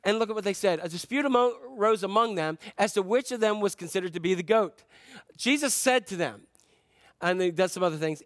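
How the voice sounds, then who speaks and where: A man preaching a sermon as a pastor, telling stories in an animated way and acting out scenes with playful humor. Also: sits high, fairly quick, no echo, studio quality.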